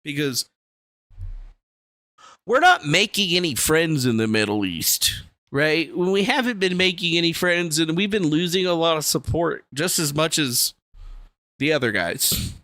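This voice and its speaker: A man's voice: on the high side, expressive, a little slow, pauses often, sharp tone, dry recording. A young man hosting a livestream, ranting in a casual, profane and rambling way from a small room. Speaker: livestream host. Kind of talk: casual political rant.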